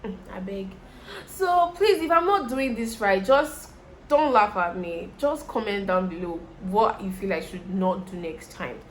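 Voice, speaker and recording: A woman's voice: medium pitch, unhurried, a little hiss or hum. A young Nigerian woman with a Nigerian accent, chatting to viewers and telling a story while doing her make-up. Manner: chatty, animated, addresses viewers directly. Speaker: vlogger.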